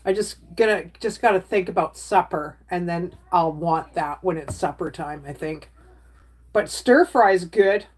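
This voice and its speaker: A woman's voice: lowish voice, measured pace. A middle-aged woman chatting casually on a livestream, rambling from topic to topic and reacting to viewer comments.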